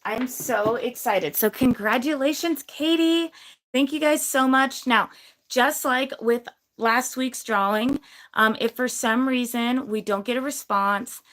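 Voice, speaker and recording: A young woman hosting a casual livestream giveaway, bubbly and chatty with lots of fillers, her voice a little hoarse from losing it. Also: high-pitched, a little slow, fairly bright tone, a little hiss or hum, rough recording.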